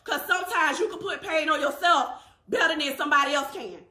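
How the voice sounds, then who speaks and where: High, bright-voiced woman telling her story. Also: brisk, reverberant. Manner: animated, quotes others in their voices, laughs while telling. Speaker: vlogger telling a personal story. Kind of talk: casual storytelling to camera. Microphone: phone.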